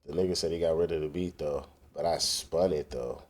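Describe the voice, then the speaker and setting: A man's voice: rumbling low, brisk, darkish tone. A man, a rapper hosting a late-night livestream, chatting loosely and answering his viewers' messages with casual swearing. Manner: loose, profane, reads and answers chat aloud.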